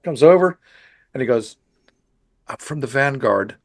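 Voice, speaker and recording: A man's voice: mid-range voice, lively intonation, a little slow. Rambling, chatty male podcast host. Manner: rambling, self-correcting storyteller. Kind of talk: casual interview chat.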